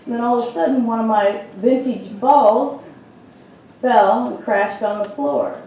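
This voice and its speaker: A middle-aged woman minister preaches in a chatty, storytelling way, her voice a little high and mellow. She is heard from a distance in a very echoey church hall with a faint hum behind her. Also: lively intonation, unhurried. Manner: conversational, storytelling with frequent fillers. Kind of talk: sermon. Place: church sanctuary.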